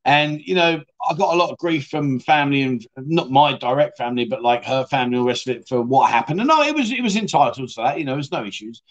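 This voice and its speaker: A man's voice: mid-range voice, lively intonation, fast talker, hardly any pauses, highs cut off. A middle-aged man hosting a casual livestream, reading out viewer comments with cheeky, self-mocking humour and frequent laughs. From United Kingdom. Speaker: livestream host.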